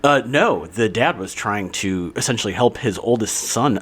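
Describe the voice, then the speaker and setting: A man's voice: lowish voice, expressive, moderate pace, husky. A man co-hosting a podcast, easygoing and full of agreeing fillers. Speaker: podcast co-host. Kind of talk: casual chat.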